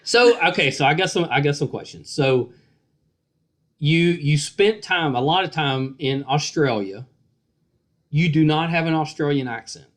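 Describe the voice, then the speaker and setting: A middle-aged man with a Virginian accent hosting a casual podcast interview over a video call, chatty and joking, often trailing off softly. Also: fairly high pitch, unhurried. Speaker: podcast host.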